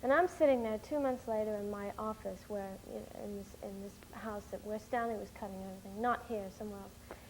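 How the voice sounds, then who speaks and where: A young woman from the United States being interviewed, telling stories in a rambling, animated way with many fillers. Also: mid-range voice, a little fast, hardly any pauses, slight background noise, low-quality recording. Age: young adult. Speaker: interviewee, documentary film-maker. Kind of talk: casual chat.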